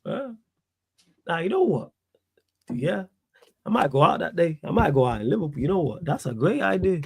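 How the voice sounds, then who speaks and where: A young Mancunian man with a gravelly, creaky edge to his voice, chatting casually about football in a loose, slangy way. His voice is close and dry, with no room sound around it. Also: fairly high pitch, very animated, moderate pace, no room sound. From Manchester, England. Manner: laid-back, laughs often, slangy. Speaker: podcast host.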